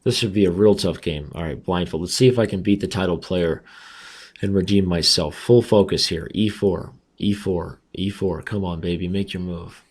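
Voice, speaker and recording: A man with a raspy voice giving chatty, self-mocking commentary on his own chess games as he plays. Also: deep voice, normal speed. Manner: chatty, self-mocking, talks through moves aloud. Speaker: chess streamer. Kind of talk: casual commentary while playing online.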